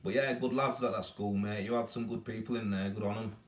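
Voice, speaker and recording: A man's voice: on the low side, fairly even intonation, brisk, slight background noise. A man with a Yorkshire accent, chatting casually and matily to viewers on a live stream about his rendering work. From Yorkshire, England. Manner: laid-back, matey, rambling. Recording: echoey room, mic at a distance.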